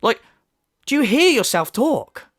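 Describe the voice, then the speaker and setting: A man's voice: extremely high pitch, big pitch swings, unhurried, a bit bright, dry recording, clean studio sound. Sarcastic, mocking male commentator. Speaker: commentary channel host.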